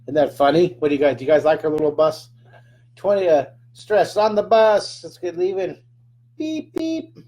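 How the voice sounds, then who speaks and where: A man's voice: a little high, steady tone, brisk, mellow. A man teaching a live drawing lesson, chatting through each stroke with playful sound effects.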